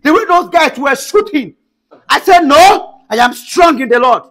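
A man acting a panicked, shouting husband who has lost his car in a comedy skit. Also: very high-pitched, animated, moderate pace, heavily acted. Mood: boastful storytelling. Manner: frantic, shouting, exclamatory.

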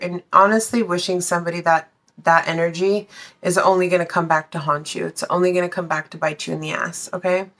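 This tarot reader has a lowish, slightly bright voice with little pitch movement, and she talks briskly. Her reading is casual and blunt, and she swears freely while addressing viewers directly. Now and then she breaks into sung lines.

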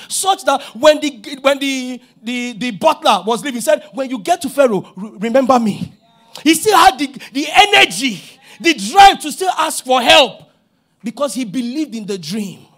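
High-voiced Nigerian man preaching. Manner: animated preaching, shouting at peaks, acting out dialogue. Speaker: pastor. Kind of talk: sermon.

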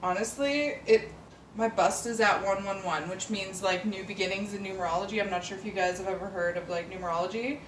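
A woman chatting casually to camera as a fashion vlogger, rambling and emotional, with bursts of excitement. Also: medium pitch, fairly quick, a little hiss or hum. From Canada. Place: apartment room with door open, city sirens outside. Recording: roomy, mic at a distance. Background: faint city ambience.

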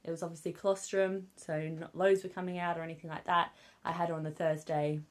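A woman's voice: lowish voice, little pitch movement, quick pace. A young woman with a British accent, chatting candidly to camera as a vlogger, with many fillers like "um" and "obviously". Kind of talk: casual chat to camera. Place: at home with her newborn.

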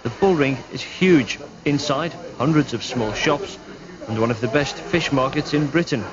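A man reporting and narrating a television news special in a measured, scripted way. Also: mid-range voice, a crowd in the background. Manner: measured, even reporting delivery. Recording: dull late-1990s TV broadcast audio.

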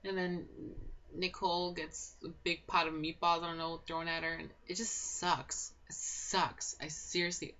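A young woman giving a casual, gossipy reality show recap, excitable and swearing a lot, with constant filler words. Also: lowish voice, a little slow. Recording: dull lo-fi home recording.

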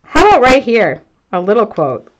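A woman artist chatting to her live viewers as she works, excitable and self-mocking, laughing often. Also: on the high side, moderate pace, slight background noise. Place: home art studio, indoors. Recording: dull lo-fi stream audio.

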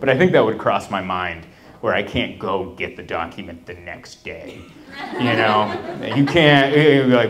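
A man's voice: mid-range voice, moderate pace. A man doing a stand-up comedy set in a small venue, rambling and interrupting himself, laughing at his own jokes as the audience talks back. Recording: live room with loud crowd. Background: audience laughing and talking back.

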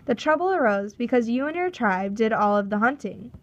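Woman reading as a big bossy sea captain guy, loud and pushy, pitched up high. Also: lively intonation, a little fast, dull audio, natural voice. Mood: bargaining. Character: Russian sea captain, tall man, bold and bargaining.

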